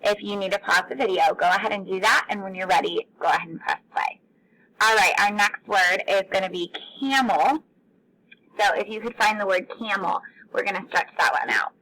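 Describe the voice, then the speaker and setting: Woman, teacher, bright tone, speaks to young children, stretches out words. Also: mid-range voice, moderate pace, low-quality recording. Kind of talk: remote phonics lesson for young children.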